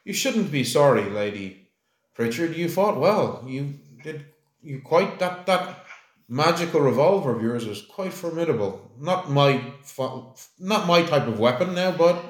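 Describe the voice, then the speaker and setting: A man voicing a frost giant warrior with a deep, measured voice. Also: expressive, roomy sound. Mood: approving.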